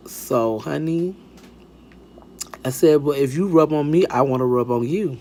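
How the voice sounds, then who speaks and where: A man telling a personal story in a sassy, animated storytime style, swinging between high exclamations and low asides. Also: moderate pace, gravelly. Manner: sassy, animated, lots of swearing and pitch swings. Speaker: storytime vlogger. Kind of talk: casual storytime.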